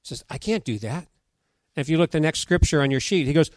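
A man's voice: fairly high pitch, animated, quick pace, no echo. A middle-aged man giving a conversational sermon, reading scripture aloud and joking with the congregation. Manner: chatty, jokes with the congregation, reads scripture aloud. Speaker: pastor.

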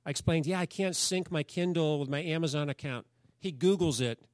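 A man's voice: fairly high pitch, a little fast, no room sound, clean studio sound. A man preaching a sermon, talking in a conversational storytelling way and asking the congregation questions. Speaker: pastor.

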